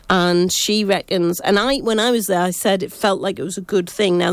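A woman with a gravelly, fry-laced voice chats about ghost sightings, often cutting herself off and starting over. She talks as a psychic, recorded close and dry. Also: fairly low pitch, dry recording. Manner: rambling, self-interrupting storytelling. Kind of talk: casual ghost-story chat.

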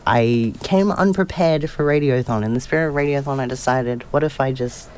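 A man's voice: mid-range voice, a little fast, a little mellow, slight background noise. A young man hosting a casual community radio show, rambling and self-deprecating, laughing often. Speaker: radio host. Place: radio studio.

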